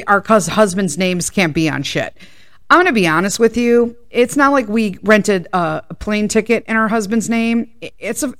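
A woman's voice: medium pitch, fairly bright tone, dry recording, studio quality. A woman hosting a casual storytelling podcast, ranting profanely and drifting into tangents. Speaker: podcast host.

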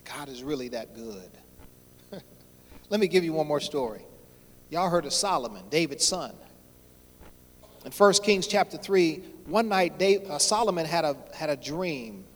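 A man preaching a sermon, repeating phrases and swelling louder on his key points, with a folksy way of addressing the congregation. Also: on the high side, animated, measured pace, long pauses. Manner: folksy, addresses crowd as y'all. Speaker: pastor. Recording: long hall reverb.

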